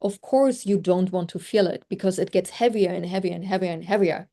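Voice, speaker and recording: Mellow-voiced woman coaching on a group call. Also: on the low side, fairly quick. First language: German. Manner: chatty, reflective, many "like" fillers. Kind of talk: casual group call talk.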